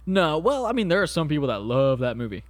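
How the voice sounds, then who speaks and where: A man's voice: on the high side, sing-song, quick pace, dry recording. A man co-hosting a casual comedy podcast from his apartment, rambling through jokey stories and cursing casually. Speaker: podcast co-host. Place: home apartment. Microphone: podcast microphone.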